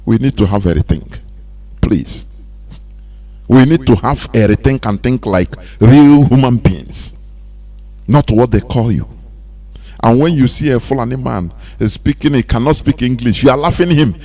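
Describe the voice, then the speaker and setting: In a dry recording from a radio studio, a Nigerian-accented host speaks with a medium-pitched, dark voice at normal speed. His impassioned monologue is preachy, full of rhetorical questions, and slips into sing-song emphasis.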